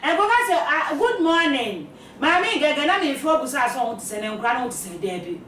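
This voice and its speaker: A woman talking casually as a guest, animated, laughing often and repeating phrases for emphasis. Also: high-pitched, racing, recorded from a distance. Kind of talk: casual talk show conversation. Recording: echoey room, voice from off-mic.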